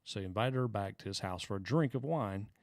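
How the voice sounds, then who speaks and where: A man's voice: on the low side, fairly quick, darkish tone, dry recording, clean studio sound. A man with a Southern US accent co-hosting a casual podcast, reading odd news stories aloud in a laid-back, hesitant way with many fillers. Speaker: podcast co-host.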